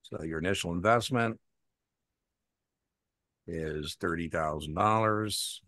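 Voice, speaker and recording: A man's voice: low-pitched, takes it slowly, dry recording, studio quality. A man teaching an exam prep class in a conversational way, telling anecdotes and acting out the dialogue in them. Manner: animated storytelling, acts out dialogue; repeats key points for emphasis.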